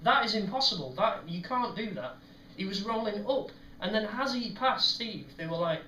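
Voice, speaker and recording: A man's voice: sits high, normal speed, a little hiss or hum. A young man telling stories about his dreams in a rambling, casual monologue full of ums. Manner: rambling, many ums, animated when retelling. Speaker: podcast host. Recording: echoey room, mic at a distance.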